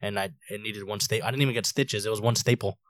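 A man's voice: lowish voice, fast, a bit bright, dry recording, clean studio sound. A man in his twenties, a podcast co-host telling a long story in casual chat, rambling, laughing often and swearing freely.

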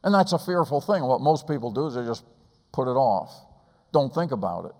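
Male preacher, mid-pitched, pleading and urgent, with a long hall echo. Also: big pitch swings, a little fast, a little mellow. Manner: urgent, pleading, rhetorical questions. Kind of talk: sermon.

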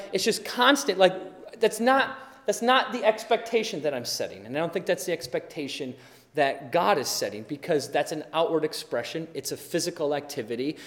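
A pastor giving a sermon in a relaxed, conversational way, acting out little everyday scenes as he goes. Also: high-pitched. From Wisconsin, USA. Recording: long hall reverb.

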